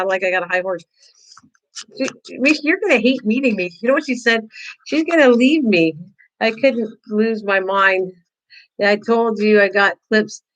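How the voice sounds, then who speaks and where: A woman's voice: a little high, a bit bright, low-quality recording. An older woman hosting a casual live-stream craft tutorial, chatting with viewers, teasing them and laughing often.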